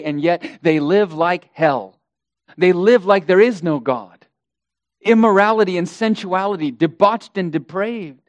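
A man's voice: sits high, measured pace, no room sound. A male pastor preaching an impassioned sermon, hammering points through repetition and addressing the congregation as beloved.

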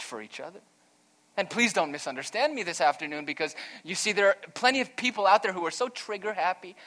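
A pastor preaching an earnest, emphatic sermon, weaving in a storytelling aside. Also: male voice, high voice, sharp tone.

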